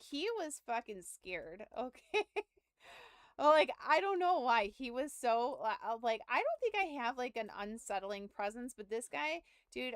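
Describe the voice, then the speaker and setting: A woman's voice: fairly high pitch, a bit bright, smooth, no room sound. A young adult woman streaming from home, telling a story in casual chat with laughs and profanity, close to her mic. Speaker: game streamer.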